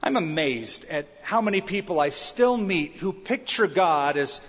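A man's voice: fairly high pitch, animated, unhurried, a bit bright, slightly rough. Emphatic man preaching in a big hall. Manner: emphatic, rhetorical questions to the congregation. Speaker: pastor. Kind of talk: expository sermon. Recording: dull reverberant church sound.

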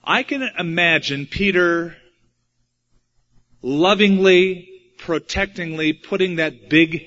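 A man preaching a sermon with a somewhat high voice, acting out each quote in his story as he goes. He swings from hushed to loud. The recording sounds dull and lo-fi. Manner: dramatic, acts out quotes with shifting pitch and volume.

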